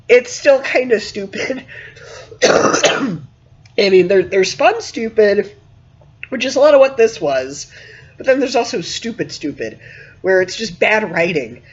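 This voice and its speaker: A man giving a casual spoken movie review, animated and emphatic, with many fillers. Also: high voice, highs cut off.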